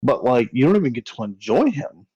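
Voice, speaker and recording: A man's voice: mid-range voice, sing-song, brisk, mellow, husky, no room sound, lo-fi sound. A laid-back man co-hosting a casual movie chat, swearing freely. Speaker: podcast co-host.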